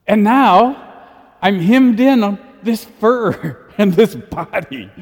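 Brief: a man doing an awed mystical cat, pitched well up, church echo. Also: lively intonation, takes it slowly, darkish tone, exaggerated voice. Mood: wistful. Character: meditating cat awed at becoming the sky.

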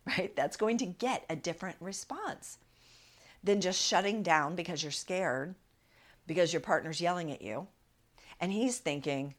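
A woman's voice: on the low side, animated, unhurried. A woman hosting an advice podcast as a relationship coach, talking in a direct, encouraging way and often checking in with listeners.

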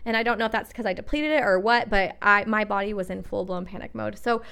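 A woman's voice: mid-range voice, fast, vocal fry, pushed and bright, clear, resonant tone. Young female podcast host, casual solo monologue, earnest and chatty. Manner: chatty, earnest, fillers like "like" and "literally".

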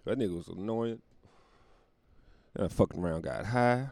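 A man's voice: on the low side, moderate pace, vocal fry, a little mellow, no echo. A young man hosting a podcast from home, telling stories in a loose, profane, laughing way. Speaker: podcast host. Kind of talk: casual comedic storytelling monologue.

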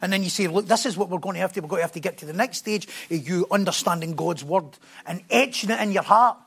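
Passionate high-voiced preacher. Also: male voice, fast talker, vocal fry, breathy edge. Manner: passionate, swings from quiet asides to loud emphatic bursts. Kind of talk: sermon. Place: church platform.

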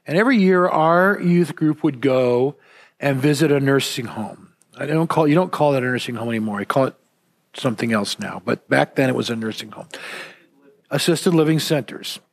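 A man's voice: mid-range voice, normal speed, vocal fry. A man from Southern California preaching a sermon as a pastor, earnest and repeating words when stressing a point.

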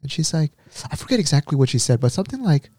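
Male podcast co-host, mellow tone, animated storyteller, dry close mic. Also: on the high side, fast, slightly rough, no room sound. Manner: animated retelling with quoted voices. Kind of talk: casual storytelling chat.

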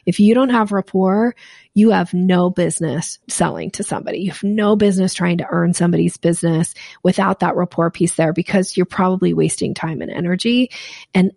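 A middle-aged woman sales coach answering interview questions, animated and often acting out the voices she quotes. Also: on the low side, a little fast, gravelly, no room sound, clean studio sound.

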